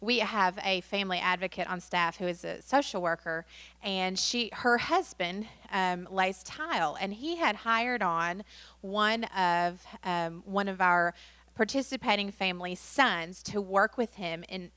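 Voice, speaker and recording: A woman's voice: mid-range voice, unhurried, sharp tone, no echo. Woman leading a training session, casual and chatty, dry sound. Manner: chatty, many fillers, acts out quotes in story. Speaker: workshop presenter. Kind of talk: training workshop talk.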